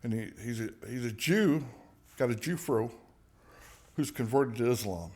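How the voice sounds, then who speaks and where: A man's voice: medium pitch, measured pace, darkish tone, husky. A man, a songwriter guest on a podcast, telling personal stories in a frank, profane, joking way with many restarts. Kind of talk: candid conversational storytelling.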